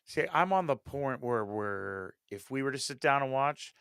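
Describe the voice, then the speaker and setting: A man co-hosting a casual movie review podcast, wry and dry-humored, often trailing off quietly. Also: medium pitch, animated, normal speed, vocal fry, smooth, dry recording. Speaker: podcast co-host.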